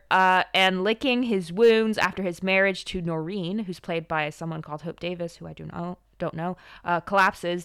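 A young woman chatting casually about a film as a podcast co-host. Her voice is smooth and clear at a middle pitch, and she speaks in a halting, chatty way, laughing often. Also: fairly bright tone, no room sound. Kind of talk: casual film review chat.

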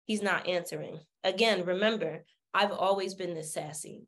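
A woman with a sassy, animated way of talking, a podcast guest telling her story candidly, swearing freely and acting out the people she quotes. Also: lowish voice, moderate pace.

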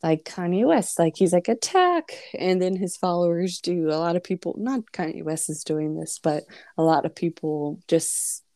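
A woman's voice: fairly low pitch, fairly even intonation, normal speed, few pauses, mellow, dry recording, studio quality. A woman co-hosting a podcast, casually summarizing a news story with lots of fillers. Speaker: podcast co-host.

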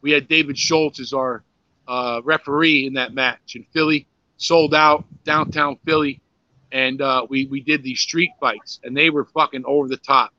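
A man's voice: mid-range voice, fairly even intonation, normal speed, bright, forceful tone, no echo. An older man, a former pro wrestler, telling rambling, profane stories in a casual interview, full of "you know"s and restarts. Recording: dry, slightly dull lo-fi sound.

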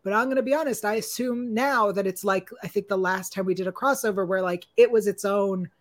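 A woman co-hosting a podcast in casual, hedging chat. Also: medium pitch. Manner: chatty, hedging, with filler pauses. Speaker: podcast co-host.

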